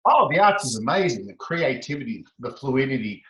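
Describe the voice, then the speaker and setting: A man speaks as a guest in an interview, and his voice carries a roomy echo. He tells stories with energy and acts out the other people in his anecdotes with lively shifts in pitch. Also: a little fast, dull audio. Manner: expressive, acts out quoted exchanges with rising pitch. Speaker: laughter specialist guest. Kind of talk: animated conversational storytelling.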